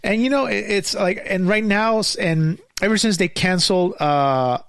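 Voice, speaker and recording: Guy ranting mad and swearing a lot, kinda high voice, dry sound. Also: normal speed, gravelly, fairly bright tone, smooth, dry recording. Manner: angry, profane, rambling with many restarts and fillers. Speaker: podcast host. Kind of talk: casual ranting monologue.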